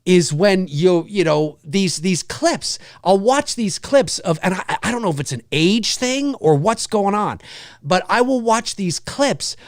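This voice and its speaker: A man in his forties hosts a casual live-stream rant. His voice sits high for a man and moves all over, animated and exasperated. He's recorded dry and close, with no room sound. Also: measured pace, no room sound. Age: 40s. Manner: animated, exasperated, mimics crowd shouts. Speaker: live show host.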